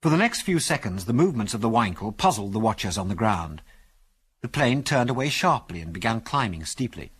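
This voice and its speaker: A man's voice: on the low side, a little fast, breathy edge. A man narrating an adventure story in a dramatic, storytelling manner. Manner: dramatic storytelling, animated delivery.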